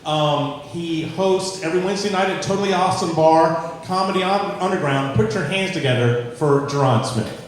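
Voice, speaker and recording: A man emceeing a comedy night on stage, loud and hyped, swearing as he brings up the next act. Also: a little high, moderate pace. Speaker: show emcee. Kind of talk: stand-up club hosting. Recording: echoey bar with loud crowd and music.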